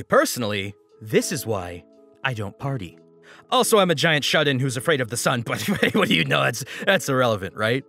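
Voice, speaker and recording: A man narrating online stories in an expressive, wry manner. His mid-pitched voice moves in a lively way, with faint music under it. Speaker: story narrator. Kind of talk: reading online stories aloud.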